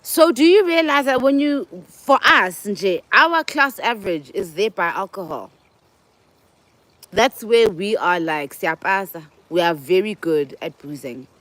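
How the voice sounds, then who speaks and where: A South African woman hosting a show, talking casually and telling animated stories, often acting out other people's voices and mixing in local words. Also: medium pitch, a little slow, no room sound, low-quality recording. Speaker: host. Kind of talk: casual monologue.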